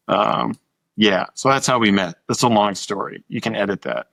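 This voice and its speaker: A man's voice: on the low side, moderate pace, gravelly, sharp tone, dry recording. A middle-aged man from Montana, a musician guest telling anecdotes in an interview, acting out quoted dialogue and swearing casually. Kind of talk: storytelling interview.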